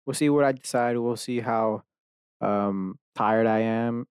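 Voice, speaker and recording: A man's voice: mid-range voice, a little slow, a little mellow, clean tone, dry recording, dull audio. A young man from Dallas hosting a casual solo podcast, rambling and swearing a lot as he interrupts himself. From Dallas, Texas, USA. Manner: rambling, profane, swears often; self-interrupting, many restarts and fillers. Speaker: podcast host.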